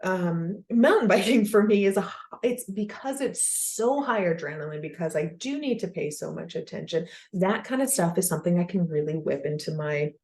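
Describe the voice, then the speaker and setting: A woman's voice: lowish voice, normal speed. A woman hosting a self-help podcast, talking casually and animatedly, leaning heavily on "like" as she explains her ideas. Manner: animated and conversational, heavy use of "like". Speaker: podcast host.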